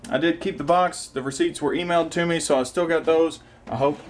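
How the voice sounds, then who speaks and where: A man's voice: fairly high pitch, fairly even intonation, brisk, a little hiss or hum. A young man vlogging casually about his day, rambling with lots of fillers and the odd curse. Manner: rambling, profane, many fillers. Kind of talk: casual vlog chat.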